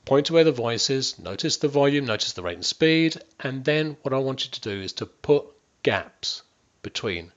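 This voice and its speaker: Addressing listeners directly, this male wellbeing coach leads a guided stress-management exercise and frequently checks in on them. He shows techniques by sinking to near-whispers and drawing his words out slowly. He sounds expressive in a mid-range voice, over dull audio.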